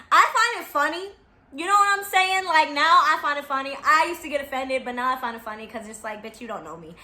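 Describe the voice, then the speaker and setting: A woman in her twenties talks straight to camera in a high, bright voice. She is blunt and swears freely, and she comes back again and again to emphatic reassurances. The sound is roomy, with a faint hiss underneath. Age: 20s. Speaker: vlogger. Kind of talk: candid talk to camera.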